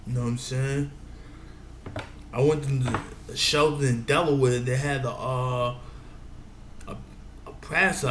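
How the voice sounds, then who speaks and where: Rambling man in an echoey room. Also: mid-range voice. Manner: meandering, repeats himself, says "you know what I'm saying" often. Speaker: vlogger giving advice. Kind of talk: rambling casual monologue. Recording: echoey room with faint background noise.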